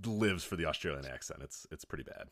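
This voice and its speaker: A man co-hosting a podcast, easygoing and quick to laugh in casual chat. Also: very deep voice, lively intonation, fairly bright tone, dry recording. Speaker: podcast co-host.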